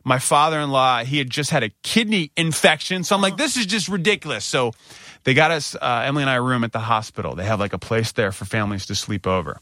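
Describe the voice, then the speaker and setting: A middle-aged man casually telling a self-mocking story, acting out other people's lines with big jumps in pitch. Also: fast talker, bright, forceful tone, no room sound, studio quality.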